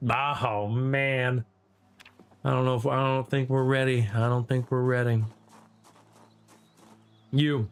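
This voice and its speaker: Slow, profane man narrating gameplay. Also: mid-range voice, flat delivery, clear, resonant tone. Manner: loose, profane, talking to himself. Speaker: gaming streamer and server host. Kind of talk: casual gameplay commentary.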